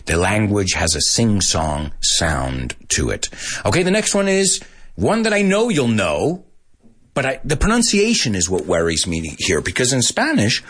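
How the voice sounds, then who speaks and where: A man teaching English vocabulary in a casual, animated lesson, mixing English with Spanish and laughing often. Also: low voice, husky.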